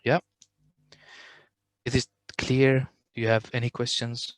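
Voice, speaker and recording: A smooth-voiced man teaching recitation. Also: medium pitch, flat delivery, no room sound. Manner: patient explaining, recites Arabic examples slowly; hesitant when answering questions. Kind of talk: online tajweed lesson.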